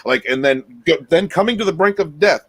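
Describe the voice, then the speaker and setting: Lively, emphatic man on a podcast panel. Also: a little high, a little fast, slightly rough, no room sound. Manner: emphatic, builds points with repetition. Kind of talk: casual chat.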